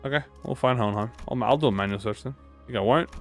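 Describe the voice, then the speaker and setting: A young man chats his way through a video game, excitable and full of slang, dropping curses as he reasons out his moves. His pitch swings widely from low mutters to high yelps, with faint game music running in the background. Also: fast. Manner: excitable, slangy, swears casually, thinks aloud. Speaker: gaming YouTuber. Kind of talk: casual let's-play commentary.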